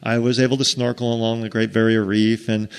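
A man's voice: on the low side, brisk, clear, resonant tone. A man with an American accent telling a casual travel story, rambling with restarts and acting out what people said. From United States. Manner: animated, rambling with restarts, acts out quotes.

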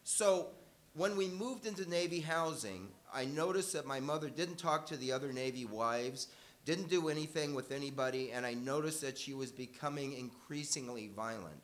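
A man's voice: medium pitch, expressive, moderate pace, fairly bright tone. An older man telling a personal story live to an audience, conversational and wry, correcting himself as he goes.

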